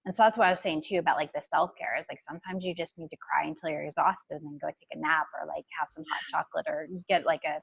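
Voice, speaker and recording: A woman with a slightly low, gravelly voice comes through dull, lo-fi call audio. She talks in a chatty, supportive way, with lots of likes. The sound is dry and close. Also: steady tone, fast, few pauses, dry recording. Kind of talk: casual group call.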